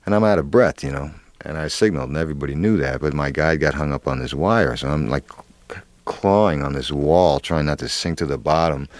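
A middle-aged man with a very low voice recounts a story in an earnest, halting way. He restarts often and leans on fillers. The sound is dry and close. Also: no echo. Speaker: actor guest. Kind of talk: candid interview storytelling.

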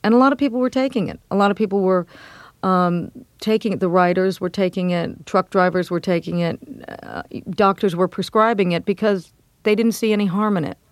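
A woman's voice: medium pitch, fairly even intonation, no echo. Reflective middle-aged woman, dry close sound. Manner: measured and reflective, with frequent ums. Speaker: guest, memoir author. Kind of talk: interview conversation.

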